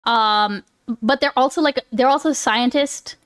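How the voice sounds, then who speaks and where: A woman's voice: high voice, moderate pace. A woman live streamer chatting casually with her viewers. She rambles, restarts often, laughs a lot and swears freely.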